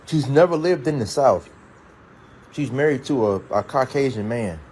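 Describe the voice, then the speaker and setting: A man of middle pitch delivers an indignant, emphatic commentary. A faint noise sits under the recording. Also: expressive, normal speed, darkish tone, low-quality recording. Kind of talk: commentary clip.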